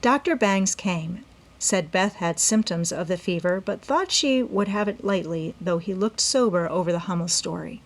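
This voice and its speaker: A woman's voice: lowish voice, moderate pace. A woman reading a classic novel aloud as an audiobook narrator. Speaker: audiobook reader. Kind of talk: storybook narration.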